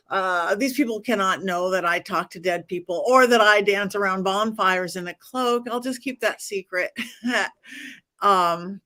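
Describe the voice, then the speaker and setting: Animated, bright-voiced woman telling stories. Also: mid-range voice. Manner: animated, acts out dialogue, laughs often. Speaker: psychic medium guest. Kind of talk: casual interview storytelling.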